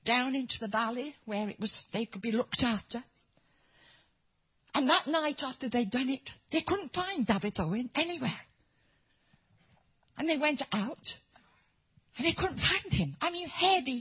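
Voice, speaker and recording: A woman's voice: fairly high pitch, fairly bright tone, husky. A woman preaching and telling a story to a congregation, with a dramatic delivery that drops to whispers for emphasis. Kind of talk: sermon storytelling. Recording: dull lo-fi recording.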